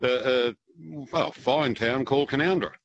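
A man's voice: medium pitch, expressive, moderate pace, fairly bright tone, lo-fi sound. An older man calling in to a radio quiz, polite and old-fashioned, hesitating over his answers. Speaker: caller. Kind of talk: phone-in quiz chat.

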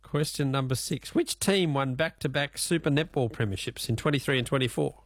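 A man's voice: medium pitch, a little fast, no echo, clean studio sound. A man with an Australian accent hosting a casual radio quiz, joking and laughing with callers. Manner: jokey, laughs often, teasing callers.

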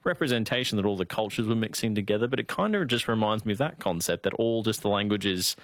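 A man with a rural Australian accent, co-hosting a casual talk show and telling stories in an animated, chatty way with many fillers. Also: on the low side, fast talker, dry recording. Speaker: show co-host. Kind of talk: casual chat.

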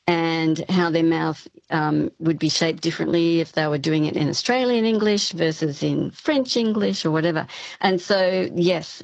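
A woman academic guest on a radio interview, explaining speech therapy in a friendly, filler-heavy way. Her voice sits a bit low. The line sounds slightly dull and dry. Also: gravelly, darkish tone, dry recording. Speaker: speech pathology professor, guest.

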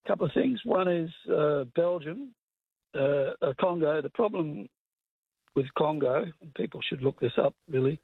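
An Australian man on a tinny phone line chats bluntly with the host, stopping often for fillers. His voice sits a little high. The line is thin and dry. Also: animated, moderate pace, vocal fry, breathy edge, no echo. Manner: chatty, blunt, hesitant with fillers. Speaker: caller.

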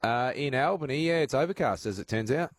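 A man's voice: medium pitch, expressive, fairly quick. A man with an Australian accent hosting talkback radio, chatty with many filler sounds. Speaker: radio host.

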